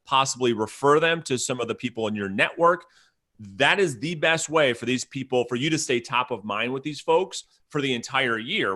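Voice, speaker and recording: A man's voice: medium pitch, a bit bright. A man hosting a live audio-room mastermind, coaching his listeners with emphatic, persuasive urgency. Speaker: host.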